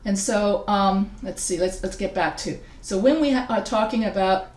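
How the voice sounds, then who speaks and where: A woman's voice: mid-range voice, normal speed, darkish tone. A woman teaching writing in a casual recorded lecture, chatty and digressive, often restarting her sentences. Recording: echoey room sound.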